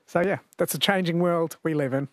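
This fairly high-pitched, brisk male voice belongs to an Australian quiz show host on the radio. He keeps things chatty and jokey, laughs a lot, and speaks into a studio mic with no echo.

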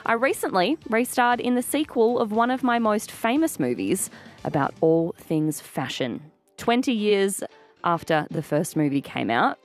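An Australian woman hosting breakfast radio from a studio, chatty and playful, laughing easily as she talks. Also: sits low. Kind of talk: casual radio chat. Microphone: studio microphone.

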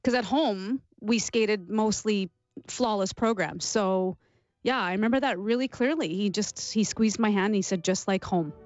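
A woman's voice: mid-range voice, moderate pace, no room sound. Emotional woman recalling memories. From Canada. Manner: warm, emotional, laughs while recalling. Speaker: interview guest, former athlete. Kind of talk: reflective interview storytelling. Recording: dull lo-fi sound.

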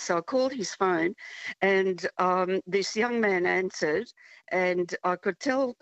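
An older woman calling in to a radio show, telling a story in a chatty, halting way full of ums and restarts. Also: mid-range voice, no echo. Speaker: caller. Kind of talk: phone-in storytelling. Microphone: telephone. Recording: muffled dry phone line.

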